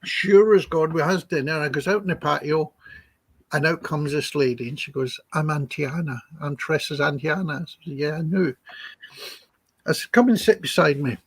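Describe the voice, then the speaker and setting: As a guest in an interview, this psychic healer shares his anecdotes chattily, performing the quoted dialogue and chuckling between stories. He speaks at a fairly high pitch and moderate pace with a breathy edge, and the recording has no echo.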